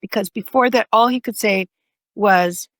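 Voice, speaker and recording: An older woman, an author, telling personal stories in a conversation with animated expression. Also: medium pitch, moderate pace, no echo. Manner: animated, vividly acts out voices in her stories. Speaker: author and podcast guest.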